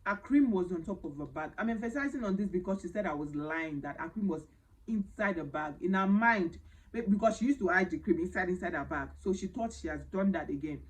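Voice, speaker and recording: A woman with a Nigerian accent telling a personal story to camera, animated and dramatic, slipping into Pidgin phrases. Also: fairly low pitch, a little fast, rough recording. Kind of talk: casual storytime.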